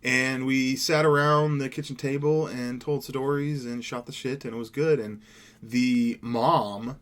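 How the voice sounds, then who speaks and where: A man's voice: medium pitch, steady tone, unhurried, fairly bright tone. A young man from Seattle giving casual gameplay commentary as a gaming YouTuber, rambling and laid-back, swearing now and then. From Seattle, USA.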